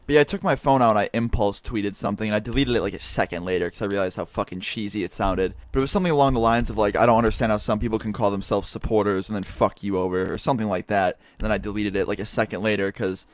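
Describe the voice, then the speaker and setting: Fast-talking young man telling a story. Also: fairly low pitch, no echo. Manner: animated, profane, heavy swearing. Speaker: YouTuber. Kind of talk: casual storytelling over gameplay. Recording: game sounds and gunfire behind voice. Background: gunfire and clicks from a game.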